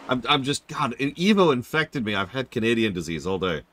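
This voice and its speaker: A man's voice: mid-range voice, a bit bright, a little hiss or hum. A man streaming live, commenting on a game as he plays and joking with chat in a rambling, self-deprecating way. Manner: talks to chat while playing.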